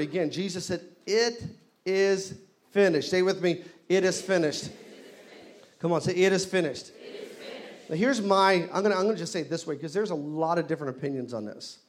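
A man preaching a sermon in a church, leading the congregation in call-and-response and rising to loud exclamations. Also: high-pitched, fast. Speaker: pastor. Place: church hall.

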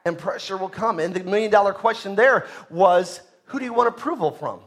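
High-voiced man preaching emphatically. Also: a little fast. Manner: emphatic preaching, swings from loud to soft, rhetorical questions. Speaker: pastor. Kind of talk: sermon.

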